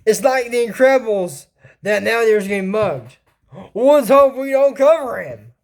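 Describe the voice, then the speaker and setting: A woman's voice: on the high side, lively intonation, normal speed, darkish tone. A woman giving a casual reaction commentary on a cartoon episode, rambling and sarcastic, with mocking asides.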